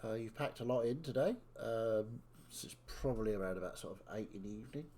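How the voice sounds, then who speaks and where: A man's voice: on the low side, quick pace, mellow. A man narrating as dungeon master in a tabletop game, describing scenes in a loose, rambling way with lots of fillers.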